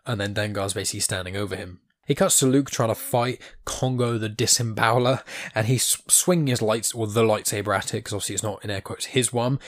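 A man's voice: medium pitch, no echo, clean studio sound. A man casually retelling a comic story as a podcast host, chatty, often laughing and loosely paraphrasing what the characters say. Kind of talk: casual recap.

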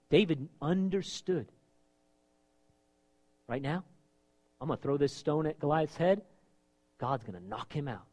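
A man preaching a sermon, emphatic and animated, acting out scripture scenes as he goes. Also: fairly high pitch, a little slow, pauses often, lo-fi sound.

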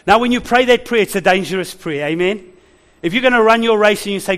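A man preaching a sermon as pastor, animated, laughing and calling out to the congregation. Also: high voice, quick pace.

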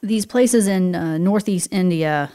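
A woman's voice: fairly low pitch, slow, mellow, smooth. A woman co-hosting a podcast, explaining things in casual chat and affirming often. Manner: explanatory, chatty, many affirming yeses. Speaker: podcast co-host.

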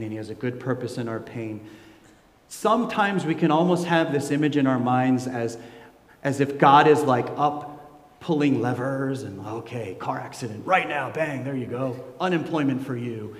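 A man in his forties preaches in a large church hall, his voice ringing out with a long, roomy reverb. He moves between hushed, low asides and loud, high emotional peaks, in a middle-pitched voice. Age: 40s. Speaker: pastor. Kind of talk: sermon.

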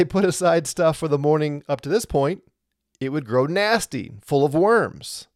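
A man's voice: fairly high pitch, animated, a little slow, no echo, clean studio sound. A man teaching through a Bible passage verse by verse, explaining step by step and asking rhetorical questions, with a lingering cough.

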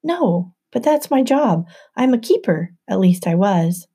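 Woman reader doing a timid boy satyr from a storybook: stammering, apologetic, soft and warm. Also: medium pitch, sing-song, unhurried, slightly rough, full character voice. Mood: upset. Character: anxious teenage male satyr, timid and guilt-ridden.

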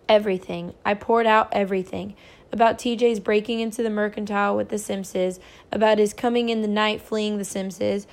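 A woman reading a novel aloud chapter by chapter, narrating in a steady, clear way. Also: medium pitch. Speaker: reader.

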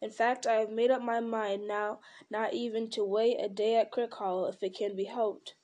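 A terse, brooding young hobbit man, as a woman reads him in a storybook. He sounds grave and determined, in a soft, mellow voice pitched a little high. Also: little pitch movement, moderate pace, natural voice. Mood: resolute. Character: troubled, resolute young male hobbit.

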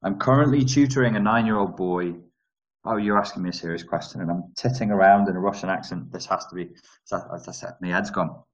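A man's voice: low-pitched, flat delivery, fast, dull audio. A man hosting a live stream, reading viewer comments and answering them in a rambling, self-interrupting way with wry asides.

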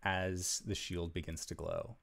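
A man narrating as game master for a tabletop game in a slow, measured, hushed storytelling manner. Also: low-pitched, little pitch movement, gravelly.

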